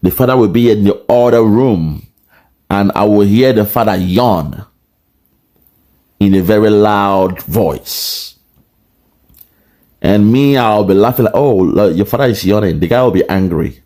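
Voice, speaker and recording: Impassioned Nigerian man, low voice. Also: a little slow, pauses often. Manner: rhetorical, repetitive, forceful. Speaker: political commentator. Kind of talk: impassioned political monologue.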